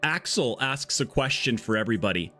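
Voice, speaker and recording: Sex: man. Role: game streamer. Style: casual live-stream commentary. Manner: chatty, jokey, mid-pitched. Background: faint music. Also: animated, fairly quick, sharp tone. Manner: chatty, jokey, greets chat by name.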